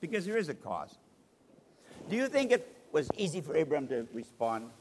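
A male pastor preaching a sermon, animated, acting out voices of the people he quotes. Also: a little high, normal speed. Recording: reverberant hall, faint noise.

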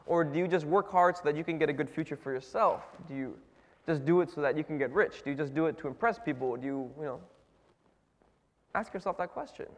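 A male preacher talks to his church in a loose, conversational way, asking one question after another. He often restarts his sentences and leans on fillers. His voice sits a little high for a man and rings out in a hall with a long reverb. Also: quick pace. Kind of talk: sermon.

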